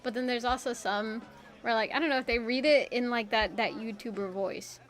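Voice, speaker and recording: A woman's voice: on the high side, steady tone, moderate pace, soft background music. A young woman streamer chatting casually while she draws, rambling and self-mocking, with a bit of swearing. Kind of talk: casual chat while drawing.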